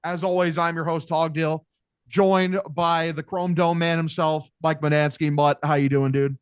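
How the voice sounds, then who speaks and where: A man hosts a sports podcast in casual chat, mocking and swearing freely. His voice sits a little high. He is recorded close and dry, with no room sound. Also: flat delivery, moderate pace, smooth, dry recording. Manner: profane, mocking, blunt. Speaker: podcast host.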